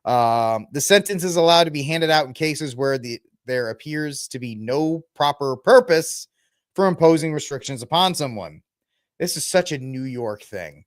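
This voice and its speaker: A man's voice: a little high, lively intonation, moderate pace, no echo, studio quality. Sarcastic man hosting a podcast. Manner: rambling and sarcastic, jokes and mocks as he reads. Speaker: podcast host. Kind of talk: casual political commentary.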